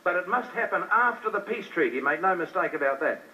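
Male preacher, high and forceful, fervent sermon, distant muffled recording. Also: expressive, brisk. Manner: fervent, talks straight to the crowd with rhetorical questions. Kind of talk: fiery sermon.

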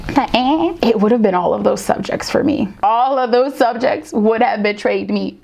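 Animated woman teacher reacting to clips. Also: on the high side, unhurried, creaky. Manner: animated, dramatic asides and put-on voices. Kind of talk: casual reaction commentary.

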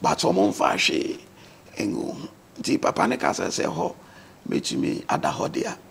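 A man's voice: fairly high pitch, huge pitch swings, moderate pace, vocal fry, slight background noise. A man with a Ghanaian accent, a guest on a talk show, earnestly telling his life story and mixing English words into his speech.

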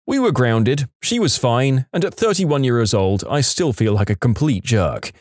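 A man reading submitted Reddit stories in an animated storytelling voice that swings widely in pitch. His voice sits at an ordinary middle pitch. The sound is close and dry, with no room around it. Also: unhurried, no room sound. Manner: lively storyteller, acts out quoted lines. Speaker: story narrator.

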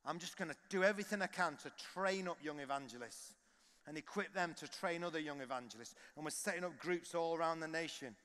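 A man preaching a passionate sermon that rises to loud exhortation at a conference. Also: a little high, fast. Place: large conference hall. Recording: long hall reverb.

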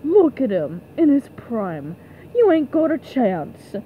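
A woman voicing a gruff, stingy male crab restaurant owner in a cartoon fan dub. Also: high-pitched, sing-song, slow pace, dull audio, a little hiss or hum, exaggerated voice. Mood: boastful. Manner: blustery, folksy.

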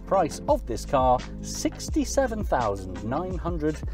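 A man's voice: on the high side, wildly swooping pitch, slow pace, music in the background. A man who reviews cars in a chatty, wry way with joking asides. He talks while driving a car on country roads.

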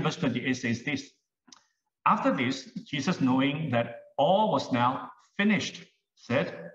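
Guy preaching real slow n emphatic, kinda high voice, roomy church sound, bit far from the mic. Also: a bit bright, highs cut off. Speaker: pastor. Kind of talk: sermon. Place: church sanctuary.

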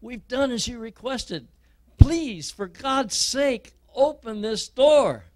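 A man's voice: very high voice, animated, slow pace, a little mellow, voice pushed up, exaggerated voice. A man voicing desperate adult prisoners who plead to be let out of their cell.

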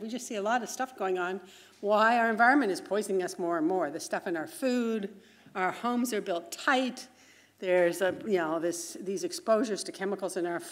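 A middle-aged woman, a physician and researcher, giving a brisk, chatty conference lecture full of asides. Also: medium pitch. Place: large conference hall. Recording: reverberant lecture hall.

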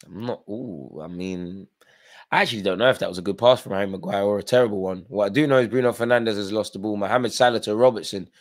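A man's voice: fairly low pitch, quick pace. A tired man hosting a live football watchalong, chatting through play-by-play with fan reactions. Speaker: watchalong host.

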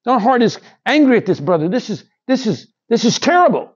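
A middle-aged man preaching a sermon in a church, with animated rises and drops and calls to the congregation. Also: very high-pitched, a little fast, husky. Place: church sanctuary. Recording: dull lo-fi sound.

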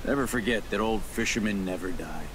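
A man's voice: lowish voice, brisk, lightly acted. An actor voicing a salty old fisherman in a video game, gloomy but hearty, talking in old-timey seafaring phrases. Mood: grumbling. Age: older. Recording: game audio with noisy hiss.

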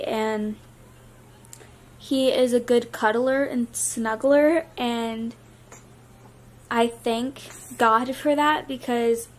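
A woman's voice: a little high, darkish tone. A young woman chatting casually to her viewers in a vlog, nauseous and worn down, filling her talk with "like". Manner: chatty, many "like" fillers. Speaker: vlogger. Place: at home with a baby.

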